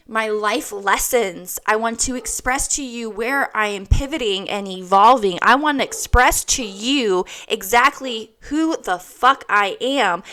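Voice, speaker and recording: A woman in her thirties delivers a motivational monologue in a bright, forward voice. She is blunt and swears freely, driving each point home by repeating it. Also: on the high side. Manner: blunt, heavy swearing, emphatic repetition. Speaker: host.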